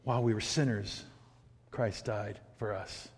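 A man's voice: on the low side, fairly even intonation, a little slow, husky. Man preaching in a reverberant hall. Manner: swings from hushed to loud emphatic. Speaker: pastor. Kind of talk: sermon.

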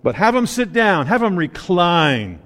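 A man preaching a sermon in a conversational, playful storytelling way, acting out characters' lines in quick asides. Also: high voice, very animated, fairly bright tone, long reverb tail.

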